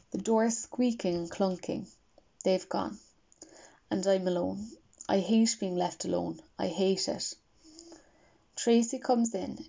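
A woman reading an audiobook as first-person narration, quiet, reflective and wistful, on a dull lo-fi recording. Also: medium pitch, creaky.

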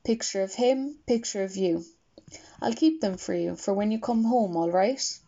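Woman reading as a gentle hopeful father. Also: mid-range voice, moderate pace, lightly acted. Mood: encouraging. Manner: coaxing, earnest pleading. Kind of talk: audiobook character reading. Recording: dull lo-fi recording.

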